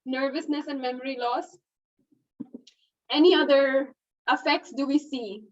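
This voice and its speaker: A woman hosting an online webinar in a chatty, casual way, laughing often and filling pauses with "okay" and "you know". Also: high-pitched, steady tone. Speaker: webinar host. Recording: dull, distant webinar audio.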